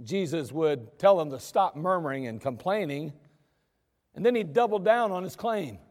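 A man preaching a sermon as pastor, in a chatty, animated storytelling way. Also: fairly high pitch, normal speed. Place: church sanctuary. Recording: long reverb of a church hall.

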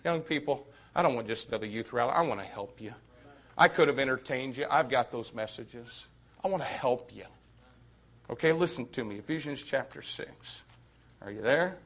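A man preaching a youth sermon, moving from quiet confiding to sudden shouted emphasis. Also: mid-range voice, expressive, normal speed.

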